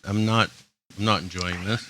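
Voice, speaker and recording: A man's voice: low-pitched, steady tone, normal speed, a bit bright. A man co-hosting a podcast, giving dry short replies in casual chat. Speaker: podcast co-host.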